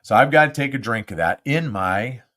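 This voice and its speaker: An older man from Southern California hosting a live podcast, chatty and animated, talking close into a studio mic. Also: mid-range voice, moderate pace. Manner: chatty and animated, self-deprecating. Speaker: podcast host. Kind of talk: casual live podcast chat. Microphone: close studio mic with windscreen.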